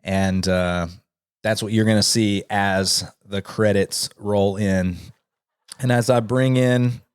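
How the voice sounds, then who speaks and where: A man's voice: fairly low pitch, fairly even intonation, slow, clear, resonant tone, dry recording, clean studio sound. A man in his thirties, hosting a comedy show and closing it in a sincere, earnest way with joking asides. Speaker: host. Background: soft outro music.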